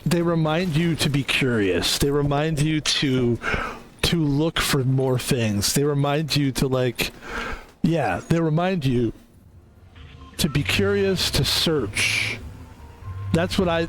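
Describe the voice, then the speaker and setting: A man's voice: on the high side, a little hiss or hum. A man streaming a video game, chatting casually in a rambling, profane, self-deprecating way. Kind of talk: casual rambling gameplay commentary.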